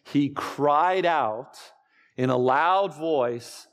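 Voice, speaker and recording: A man preaching a sermon to his congregation, slow and deliberate, with dramatic pauses. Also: on the high side, big-room sound. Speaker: pastor.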